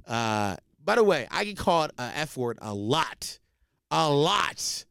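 A man hosting a podcast, telling a comic story in a profane, rambling, animated way. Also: fairly high pitch, takes it slowly, creaky, clear, resonant tone, no echo, clean studio sound. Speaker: podcast host. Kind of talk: comedic storytelling.

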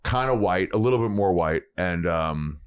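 A man chatting casually on a podcast, telling animated stories and swearing freely. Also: low voice, normal speed, clean tone. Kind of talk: casual chat.

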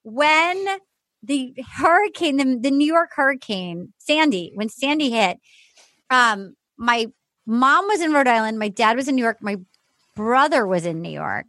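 A woman co-hosting a podcast, chatting casually and telling animated stories with acted-out quotes. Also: sits high, a little slow, no room sound. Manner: animated storyteller, acts out quotes. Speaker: podcast co-host. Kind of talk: casual chat.

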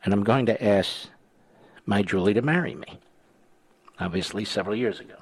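A man's voice: fairly low pitch, normal speed, husky, dry recording. A man hosting a talk radio show, chatting with callers and telling stories in a teasing way. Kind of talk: talk radio chat and monologue. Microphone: studio mic.

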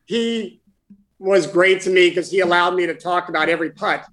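A man in his sixties, a guest, telling a personal story in conversation in a halting, heartfelt way with many restarts. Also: high-pitched, steady tone, a bit bright, low-quality recording. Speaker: guest, former caddie for his father.

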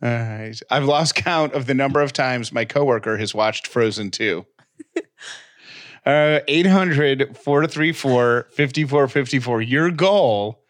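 A man co-hosting a casual podcast, reading listener messages aloud in a relaxed, teasing tone. He laughs along and gently pokes fun at his co-host. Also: medium pitch, measured pace. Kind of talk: casual chat.

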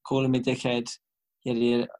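A man's voice: medium pitch, completely flat delivery, fairly quick, darkish tone. A young man, co-hosting a podcast and telling a long family story in casual, slangy, profane chat. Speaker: podcast co-host.

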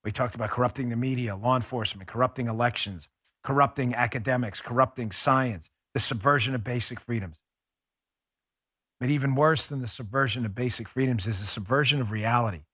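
Ranting bright-voiced male political host. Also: medium pitch, brisk, husky, no room sound, clean studio sound. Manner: angry, sarcastic, emphatic ranting. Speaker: podcast host. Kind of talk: political commentary monologue.

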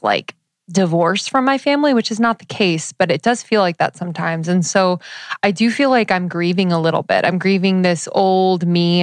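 A woman's voice: lowish voice, clean tone, no room sound. A young woman co-hosting a podcast, talking openly and thoughtfully in a casual way. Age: young adult. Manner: reflective, open, many fillers and pauses. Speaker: podcast co-host. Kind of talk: casual chat.

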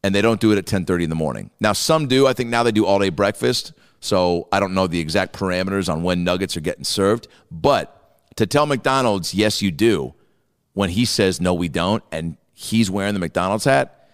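Reacting to a clip on his comedy show, a male host tells it animatedly, swears heavily, and voices the characters himself. He speaks a little fast in a low-pitched, smooth voice, trailed by long reverb.

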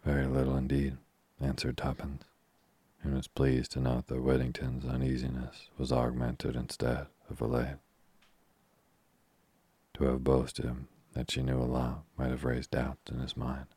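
A man reading a novel aloud in measured, even scripted narration. His voice is extremely deep and flat, with a husky grain. The recording is dry and close. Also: dry recording. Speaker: audiobook narrator.

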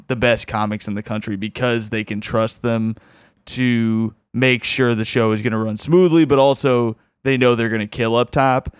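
A man's voice: medium pitch, clean tone, dry recording, studio quality. A man hosting a comedy podcast, chatting casually and enthusiastically with frequent restarts. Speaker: podcast host. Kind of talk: casual commentary.

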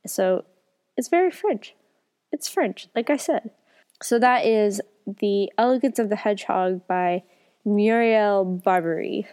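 A woman's voice: medium pitch, a little slow, darkish tone. A woman with a cold co-hosting a casual book podcast, rambling and correcting herself. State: has a cold. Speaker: podcast co-host. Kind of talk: casual book review chat.

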